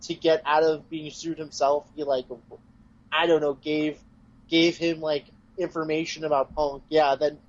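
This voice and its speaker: A man co-hosting a casual chat, talking in a laid-back, halting way with lots of fillers. His voice is a bit high. The sound is somewhat muffled and lo-fi. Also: little pitch movement. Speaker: podcast co-host.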